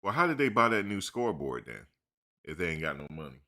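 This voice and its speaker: Deep-voiced, bright, slangy man riffing. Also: quick pace. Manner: loose and animated, peppered with "dude" and slang, laughs often. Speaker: live stream host. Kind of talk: casual live chat commentary.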